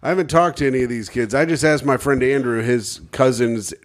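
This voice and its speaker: A man co-hosts a podcast in an easy, casual chat. He drops in jokes and side comments without hurry. His voice sits at an ordinary middle pitch. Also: brisk. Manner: laid-back, joking asides. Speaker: podcast co-host.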